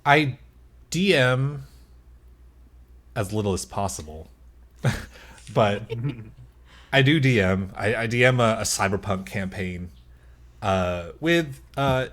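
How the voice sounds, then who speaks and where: A man's voice: mid-range voice, a bit bright. A man chatting as a podcast guest, rambling and often laughing mid-sentence. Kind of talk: casual chat.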